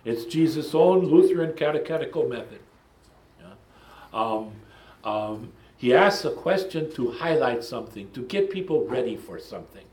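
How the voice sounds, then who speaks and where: A man's voice: mid-range voice, animated, normal speed, darkish tone. Man teaching a Bible study, echoey room. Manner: thoughtful and digressive, with frequent ums and asides. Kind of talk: lecture-style Bible study.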